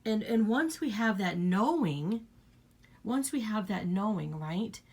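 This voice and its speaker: Gravelly, husky woman giving spiritual talk. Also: medium pitch, lively intonation, slow, darkish tone. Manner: earnest, repetitive, blunt with swearing. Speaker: spiritual channel host. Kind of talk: casual spiritual talk to viewers.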